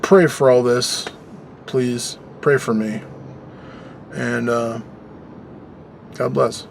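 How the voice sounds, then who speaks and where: Guy venting on his vlog, fed up, goes loud then drops low, middle pitch, faint noise behind. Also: fairly even intonation, very slow, vocal fry. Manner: frustrated rant, swinging from loud to quiet. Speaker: vlogger. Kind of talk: personal vlog monologue.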